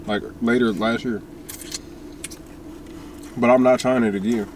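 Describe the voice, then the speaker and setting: A man's voice: fairly even intonation, measured pace, noisy background. A young man co-hosting a couple's mukbang vlog, chatting casually in slang from inside a car. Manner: laid-back, slangy, swooping pitch.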